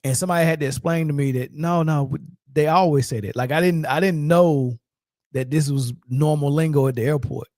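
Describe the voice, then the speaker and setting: A man's voice: on the high side, fairly quick, a little mellow, no echo, studio quality. A man in his forties hosting a sports show, talking loose and slangy in a rambling, storytelling way. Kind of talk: casual sports talk.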